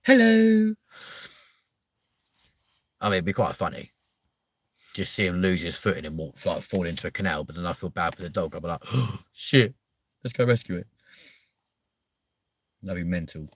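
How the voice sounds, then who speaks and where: A man with a somewhat low voice runs a loose, comic chat show. He swears constantly and grows excitable as he hops between stories. His voice sits close and dry on the mic, with no room sound. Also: quick pace, breathy edge, no echo. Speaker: show host. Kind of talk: casual live chat show.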